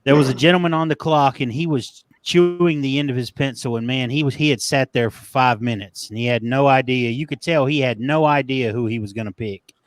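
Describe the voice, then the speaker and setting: A man's voice: mid-range voice, fairly quick, hardly any pauses, no echo. A man with a Southern US accent chatting on a podcast, blunt and swearing freely as he tells stories. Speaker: podcast guest. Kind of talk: casual podcast chat.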